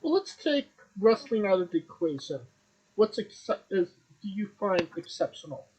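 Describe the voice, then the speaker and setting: A woman's voice: mid-range voice, big pitch swings, normal speed, darkish tone, slightly rough, poor audio. A woman hosting a casual interview, asking light questions with small laughs.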